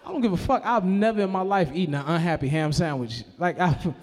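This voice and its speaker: Profane stand-up comedian in a reverberant room. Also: male voice, sits high, brisk. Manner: profane, animated, shouts character voices. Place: live comedy venue.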